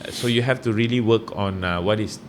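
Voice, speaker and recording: A man with a Malaysian English accent, a stand-up comedian chatting casually in an interview, telling rambling, animated stories full of fillers. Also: on the low side, brisk, slight background noise.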